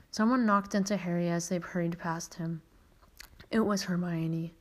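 A woman's voice: lowish voice, steady tone, moderate pace. A woman hosting a podcast, reading a children's novel aloud, with occasional stumbles and self-corrections. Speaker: podcast host reading a story.

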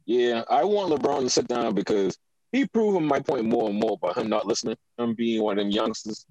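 A man's voice: medium pitch, expressive, fairly quick, crowd noise, rough recording. A man co-hosting a casual podcast, opinionated and emphatic as he rants. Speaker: podcast co-host.

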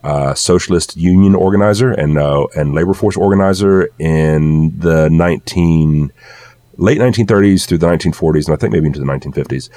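A man's voice: extremely low pitch, brisk, dark tone, no room sound. A man in a casual podcast discussion, explaining social theory at length with plenty of fillers and restarts. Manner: thoughtful, explanatory, with many fillers.

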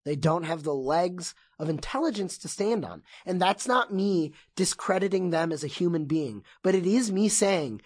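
A man talking as a podcast guest in casual chat, impassioned and excitable, swearing often. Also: sits high, moderate pace, few pauses, no room sound.

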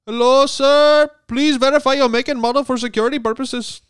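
A man's voice: extremely high pitch, steady tone, a little fast, a bit bright, smooth, no echo, studio quality, pitched above the performer's own voice. A man putting on an Indian accent to play a pushy male phone scammer with formal phone-agent phrasing. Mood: pushy polite.

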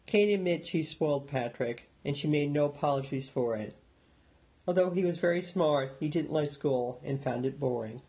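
A man narrating an audiobook in a steady, measured storytelling manner. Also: on the high side, breathy edge, rough recording.

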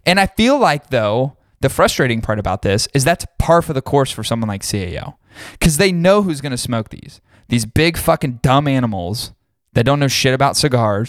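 A man's voice: mid-range voice, lively intonation, normal speed, dry recording, clean studio sound. A man co-hosting a podcast, heatedly ranting with lots of swearing in a casual talk style. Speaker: podcast co-host.

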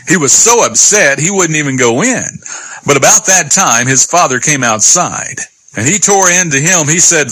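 A male radio Bible teacher preaching in an emphatic, deliberate way, slowing down for scripture. His voice is bright and forceful, with a husky grain. The sound is close and dry. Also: on the high side, lively intonation, no room sound, poor audio. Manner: emphatic, slow scripture reading. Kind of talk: radio sermon.

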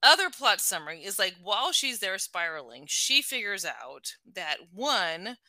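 A middle-aged woman in a casual book talk, her voice very bright and sharp. The sound is dry and close, with no room around her. She talks in an animated way, laughs often, and fills her sentences with "like.". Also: mid-range voice, measured pace, dry recording.

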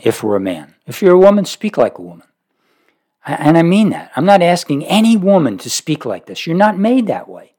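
A man preaching a sermon, speaking emphatically with sudden rises and low drops. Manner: emphatic, rising to forceful peaks then dropping low.

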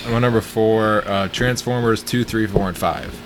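A man's voice: lowish voice, fairly even intonation, moderate pace, music in the background. A man co-hosting a casual movie podcast, talking steadily and plainly, with dry remarks. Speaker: podcast co-host. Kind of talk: casual movie review chat.

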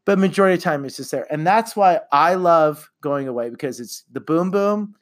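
A middle-aged man chatting casually on a podcast, animated and quick to laugh, with some swearing. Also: on the high side. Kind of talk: casual chat.

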